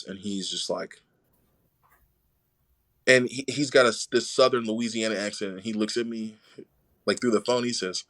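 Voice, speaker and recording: A young adult man, a podcast guest, telling his own story casually and acting out what others said in lively voices. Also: medium pitch, fairly quick.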